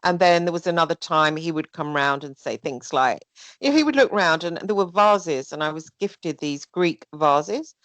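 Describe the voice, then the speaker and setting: A woman telling a personal story in casual chat, rambling and animated, sometimes mimicking other people. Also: sits low, normal speed, dry recording. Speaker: guest.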